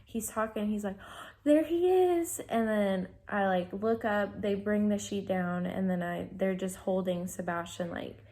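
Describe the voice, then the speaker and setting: A young woman tells her story straight to camera in an unscripted, casual way. She rambles, trips over her words and fills pauses with ums and likes. Her voice sits in a middle pitch. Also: level tone, a little mellow. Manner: rambling, many fillers and restarts. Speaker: vlogger.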